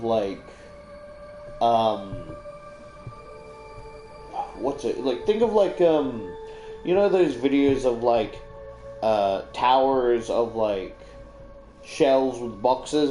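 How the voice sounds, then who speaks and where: A young man with an Australian accent talks slowly and loosely, filling his sentences with fillers and casual swearing as he recaps a story. His voice sits at an ordinary middle pitch. The recording is roomy and echoey, with faint music underneath. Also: dark tone. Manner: rambling, filler-heavy, swears freely. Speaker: YouTuber retelling a book.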